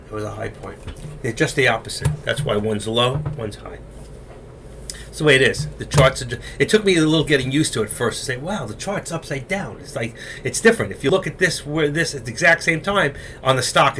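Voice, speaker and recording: A man's voice: medium pitch, expressive, brisk, background noise. A middle-aged man hosting a trading live stream, chatting casually and candidly with viewers as he looks over stock charts. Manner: rambling, candid, confiding to viewers. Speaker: trading livestream host.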